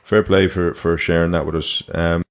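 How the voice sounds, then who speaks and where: A man's voice: sits low, little pitch movement, moderate pace, clear, resonant tone. A man hosting a podcast interview, asking rambling questions with lots of restarts. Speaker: podcast host. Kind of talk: casual interview.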